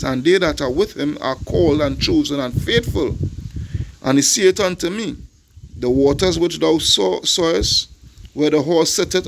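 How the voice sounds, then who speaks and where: A middle-aged man with a Caribbean accent preaches in an emphatic, street-sermon style. His voice sits a little high for a man and carries a gravelly rasp. He stumbles through repeated words while building his point, then reads scripture in a slow, deliberate cadence. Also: a little hiss or hum. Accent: Caribbean English.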